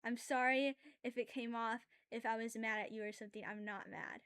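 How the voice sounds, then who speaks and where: High-voiced woman chatting on a drawing stream. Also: fairly quick, clear, resonant tone. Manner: loud, animated ranting, then quiet and apologetic; chatty and self-aware, with filler words and laughs. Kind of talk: casual livestream chat while drawing.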